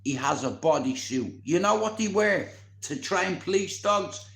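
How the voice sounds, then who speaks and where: Excitable guy, lots of swearing, highish voice, roomy echo. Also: a little slow, gravelly. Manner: swearing constantly, animated and excitable. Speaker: vlogger. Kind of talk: casual storytelling.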